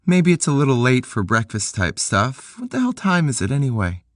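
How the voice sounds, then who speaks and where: A man's voice: mid-range voice, sing-song, moderate pace, fairly bright tone, no echo, clean studio sound, voice pushed up. A man voicing a blunt, sassy young woman who swears freely and teases, in an audiobook. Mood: brash. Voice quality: brash, swearing, teasing.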